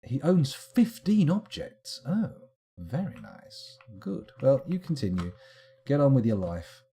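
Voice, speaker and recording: A man's voice: mid-range voice, wildly swooping pitch, takes it slowly, mellow. A man giving live, casual commentary while streaming a game, rambling along with wry asides.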